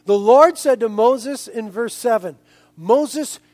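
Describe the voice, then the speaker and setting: A male pastor preaches a sermon and speaks directly to his listeners in an animated way. His voice sits very high for a man. The sound is dry and close, with no echo. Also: unhurried. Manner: animated, addresses the congregation directly.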